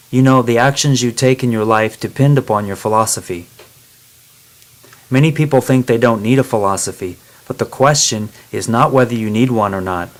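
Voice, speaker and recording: A man voicing a calm, firm elderly woman philosopher who speaks in a measured, lecturing way, in a storybook reading. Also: medium pitch, lightly acted, low-quality recording.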